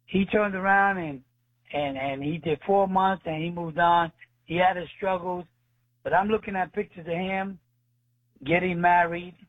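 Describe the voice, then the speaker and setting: A man telling his faith testimony as a guest, speaking earnestly and acting out the dialogue. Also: fairly high pitch. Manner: earnest, retells dialogue with voices. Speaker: ministry leader, guest. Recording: tinny phone line.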